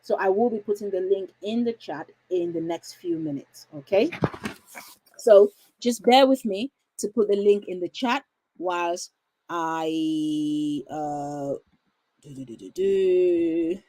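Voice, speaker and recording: A woman's voice: fairly low pitch, slow pace, warm tone, rough recording. A woman hosting a parenting livestream from home, chatty and reassuring, often putting questions to her viewers. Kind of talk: casual livestream talk.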